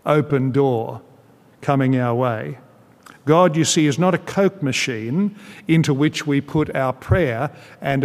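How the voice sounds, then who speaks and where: A man preaching a sermon in an earnest, measured way, with emphatic pauses. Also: medium pitch. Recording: long reverb in a large hall.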